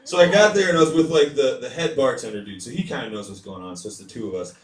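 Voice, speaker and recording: A man's voice: medium pitch, fast talker. Man doing stand-up, echoey and distant. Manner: rambling, profane storytelling with crowd work. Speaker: stand-up comedian. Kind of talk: stand-up set. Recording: echoey room picked up from afar with loud crowd.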